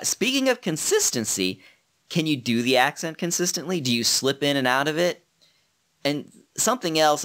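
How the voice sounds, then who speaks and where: A man explains his approach to audiobook narration in a relaxed how-to talk. His voice is bright and forward, and his delivery is earnest and unassuming, as if he is working things out while he speaks. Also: mid-range voice. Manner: earnest and modest, thinking aloud.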